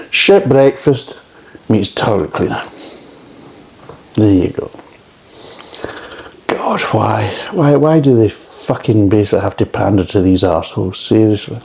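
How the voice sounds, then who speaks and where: A middle-aged Scottish man with a low, gravelly voice talks through a beer review. His tone is dark and mellow, and his delivery is blunt and grumbling, full of swearing. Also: poor audio.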